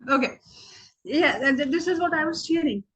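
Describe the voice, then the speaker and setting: A woman's voice: sits high, animated, moderate pace, fairly bright tone, poor audio. A woman whose first language is Urdu, talking earnestly in a casual video meeting and rambling with many "okay" fillers. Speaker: meeting participant.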